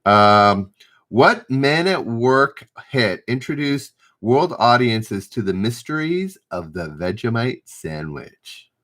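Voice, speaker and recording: A man's voice: medium pitch, big pitch swings, takes it slowly, a bit bright. A middle-aged man hosting a live-stream trivia game, reading questions aloud, stumbling and rereading, and chatting with viewers. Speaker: trivia host.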